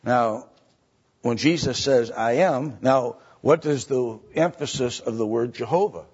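A man teaching a Bible study lecture, halting with fillers and often checking in with "right?" and "okay?". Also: medium pitch, a little mellow, husky. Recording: dull lo-fi recording.

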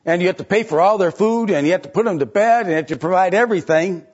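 Middle-aged male pastor, husky, fairly high voice, chatty sermon full of rhetorical questions, dull lo-fi recording. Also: quick pace. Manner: conversational preaching with rhetorical questions, pitch rising sharply for emphasis.

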